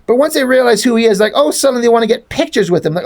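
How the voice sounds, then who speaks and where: A man's voice: very high voice, animated, racing, darkish tone. A man reviewing a comic book in casual talk, rambling, exasperated and swearing freely.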